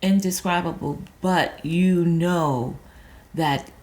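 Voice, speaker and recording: Slow-speaking middle-aged woman guest. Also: on the low side, a little mellow, slight background noise. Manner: slow, thoughtful, emotional, faith-minded. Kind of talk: candid podcast interview.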